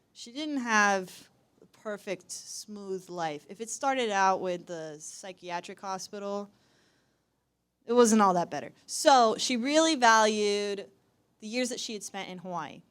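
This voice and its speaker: A woman's voice: mid-range voice, a bit bright, clean tone. A young woman performing wry, self-deprecating stand-up storytelling on a university stage. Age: young adult. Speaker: student performer.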